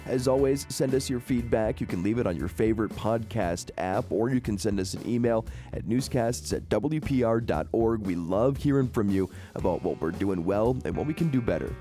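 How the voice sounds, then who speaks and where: A man hosting a radio news podcast, signing off the show with a friendly, smooth read. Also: on the low side, moderate pace, warm tone. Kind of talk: scripted show sign-off. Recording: music bed underneath.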